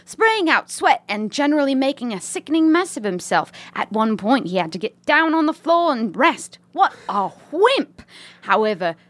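A woman's voice: high voice, big pitch swings, moderate pace, fairly bright tone, dry recording. A woman podcast host reading a listener email aloud with a playful, put-on British accent. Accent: mock British.

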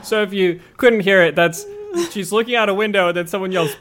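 A man hosting a podcast, telling film history in a casual, animated way. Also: high voice, brisk, noisy background. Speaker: podcast host. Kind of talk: casual storytelling chat.

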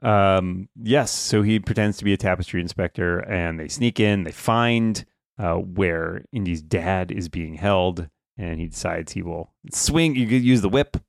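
Man, low and gravelly, loose chatty podcast host recapping a film. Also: a little slow, no echo, clean studio sound. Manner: rambling, full of fillers and laughs. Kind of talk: casual movie discussion.

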